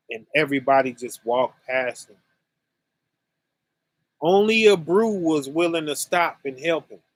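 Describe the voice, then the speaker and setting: A man hosting a religious online conference, teaching scripture casually and speaking slowly and deliberately to his chat viewers, often asking "right?". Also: a little high, fairly bright tone. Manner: slow and deliberate, addressing chat viewers directly; conversational, with frequent "right?" and "you know".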